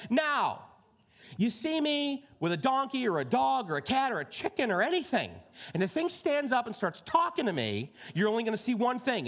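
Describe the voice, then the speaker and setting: A male pastor preaches in a high voice that swings widely in pitch. He mixes scripture reading with chatty, direct asides to the congregation, and his delivery is lively and conversational. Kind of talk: sermon.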